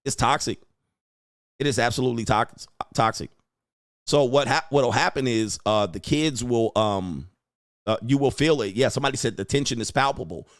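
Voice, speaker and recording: A man's voice: medium pitch, moderate pace, no echo, studio quality. Blunt, emphatic man hosting a livestream. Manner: blunt, emphatic, repeats points. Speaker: host. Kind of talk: livestream commentary.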